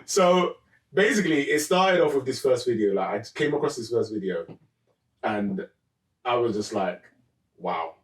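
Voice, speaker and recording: A man's voice: medium pitch, animated, moderate pace, distant mic. A man co-hosting a casual podcast. He introduces each topic with a teasing build-up. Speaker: podcast co-host. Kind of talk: casual chat. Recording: roomy sound, away from the mic.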